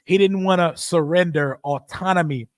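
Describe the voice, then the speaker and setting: High-voiced profane man riffing on football. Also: moderate pace, no echo, studio quality. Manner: profane, animated, laughs a lot. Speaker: livestream host. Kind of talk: casual sports watch-party commentary.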